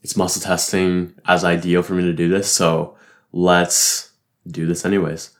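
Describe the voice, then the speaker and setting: Young male barista, deep low voice, loose profane rambling monologue with self-amused laughs. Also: level tone, unhurried. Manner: profane, rambling, frequent "like" fillers, laughs to himself. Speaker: barista reflecting on his week. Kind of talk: casual solo reflection.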